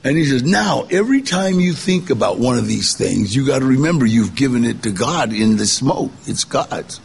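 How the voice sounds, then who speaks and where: Gravelly animated man telling his story. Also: medium pitch, fairly quick. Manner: animated, conversational, acts out quoted voices. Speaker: guest storyteller. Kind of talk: personal storytelling.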